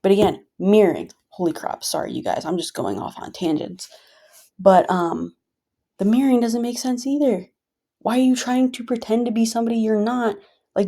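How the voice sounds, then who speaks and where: A woman's voice: on the low side, dark tone. A woman vlogger venting casually to her viewers, frustrated and rambling with many fillers.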